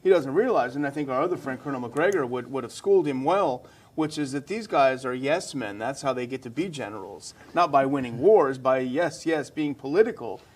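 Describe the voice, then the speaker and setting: A man's voice: medium pitch, animated. A man co-hosting a casual political discussion, conversational and agreeable. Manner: conversational, agreeable, quick asides. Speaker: podcast co-host.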